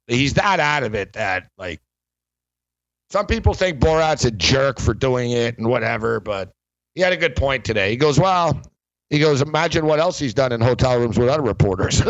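A man's voice: medium pitch, a bit bright, dry recording, dull audio. A man hosting a sports podcast, chatting casually in a rambling way with lots of fillers and frequent laughs. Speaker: sports betting podcast host. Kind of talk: casual chat.

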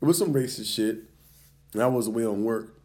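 A man co-hosting a podcast, telling a heated story in casual chat, animated and profane, acting out arguments. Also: mid-range voice, brisk. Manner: animated, profane, acts out confrontations. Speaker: podcast co-host.

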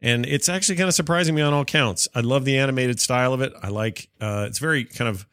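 A man's voice: mid-range voice, quick pace, fairly bright tone, no room sound, studio quality. A man co-hosting a casual gaming podcast, talking at length with lots of fillers and restarts, a little stuffy from allergies. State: sneezy, coughing from allergies. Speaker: podcast co-host. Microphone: studio mic with cough switch.

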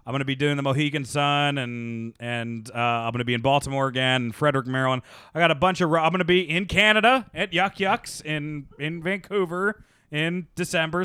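A man's voice: a little high, a bit bright, clean tone, dry recording, studio quality. A man hosting a podcast as a stand-up comedian, rambling and self-deprecating, swearing often in casual chat.

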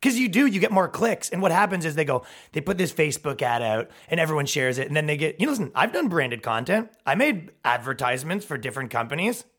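A man in his thirties hosting a podcast, ranting in a heated, profane, comedic way and mimicking people in quick put-on voices. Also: fairly high pitch, very animated, fairly bright tone, breathy edge. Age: 30s. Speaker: podcast host.

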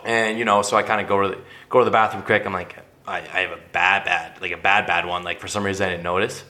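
A man's voice: deep voice, steady tone, fast talker, pushed and bright. A young man co-hosting a podcast, telling a rambling, embarrassing story in casual chat. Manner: rambling storyteller with many fillers and restarts. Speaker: podcast co-host.

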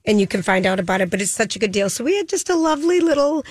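A woman co-hosting a radio show in casual chat, chatty and animated and quick to laugh. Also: fairly high pitch, breathy edge, no echo. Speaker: radio co-host.

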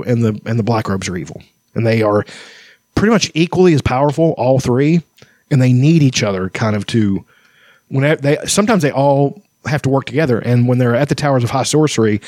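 A man's voice: medium pitch, a little mellow, no echo. Chatty man discussing a fantasy novel. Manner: chatty, laughs often, many fillers and restarts. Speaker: podcast host. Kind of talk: casual book discussion with read-aloud passages.

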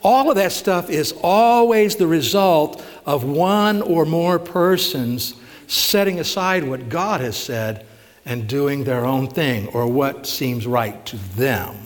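A man's voice: a little high, lively intonation, takes it slowly. Man preaching in a reverberant church hall. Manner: asks rhetorical questions, retells stories with emphasis. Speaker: pastor. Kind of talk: conversational sermon.

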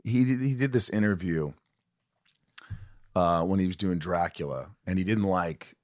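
An American man hosting an interview, asking quick questions in a playful, teasing way. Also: low voice. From United States. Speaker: host. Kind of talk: casual chat.

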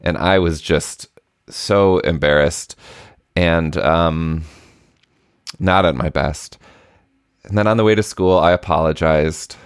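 A man's voice: deep voice, slow pace, long pauses, clear, resonant tone, no echo, clean studio sound. A man in his thirties co-hosting a parenting podcast, telling a story with many restarts and self-deprecating remarks. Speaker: podcast co-host. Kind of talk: casual parenting chat.

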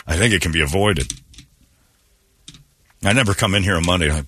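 A man in his fifties hosting morning radio, spinning sarcastic stories with frequent laughter. His low, bright voice has a husky edge and leaps around in pitch. The sound is dry and close. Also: moderate pace, pauses often, some chatter behind. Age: 50s. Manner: animated, laughing, sarcastic storytelling. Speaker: radio show host.

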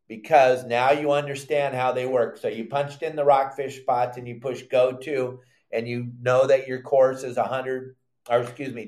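An older man hosting a live fishing show, teaching in an animated, loud way with surfer slang. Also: mid-range voice, reverberant. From Southern California.

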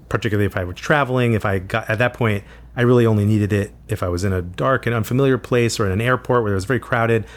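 Thoughtful low-voiced man, halting speech. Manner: thoughtful, halting, with frequent restarts. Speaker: author guest. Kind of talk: reflective conversational interview.

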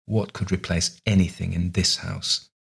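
A man reading a short story aloud in a calm, measured narration. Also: sits low, creaky, husky. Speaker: reader. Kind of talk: scripted narration.

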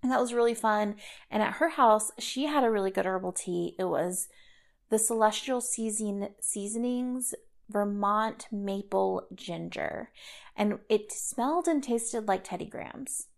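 A woman's voice: mid-range voice, measured pace, creaky. A woman in her thirties hosting a solo podcast, talking casually and reflectively with frequent "like" and "kind of.". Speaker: podcast host.

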